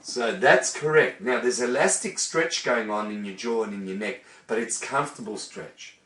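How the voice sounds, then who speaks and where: A man's voice: medium pitch, moderate pace, fairly bright tone. A man teaching singing, demonstrating vowels and coaching a student. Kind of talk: vocal lesson. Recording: echoey room, voice from a distance.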